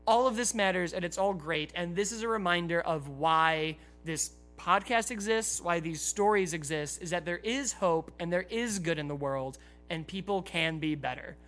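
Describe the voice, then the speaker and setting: A man's voice: high-pitched, moderate pace, hardly any pauses, fairly bright tone. A man co-hosting a podcast, speaking earnestly and heartfelt, with frequent restarts. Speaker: podcast co-host. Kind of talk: casual podcast chat.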